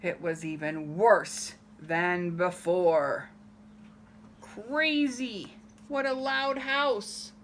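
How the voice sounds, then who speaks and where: This reader has a lowish voice and goes extremely slowly, with slight background noise behind her. She reads a picture book to children, acting it out with animation and asking them questions.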